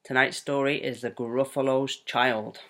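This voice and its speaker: A father reading a rhyming bedtime storybook aloud to his child at home, in a gentle, sing-song way. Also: medium pitch, steady tone, measured pace.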